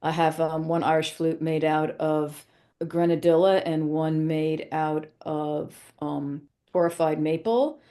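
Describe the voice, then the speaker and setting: A woman with a lowish, mellow voice talks as a guest on a podcast. She explains things patiently and informatively, pausing now and then with an um. Her tone is relaxed and conversational. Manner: informative, explanatory, frequent ums. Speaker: flutist guest.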